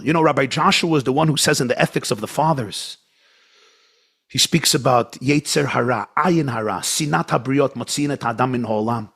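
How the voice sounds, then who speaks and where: A man giving a sermon as a rabbi, impassioned, swinging between soft low lines and high, emphatic ones. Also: moderate pace, vocal fry, husky.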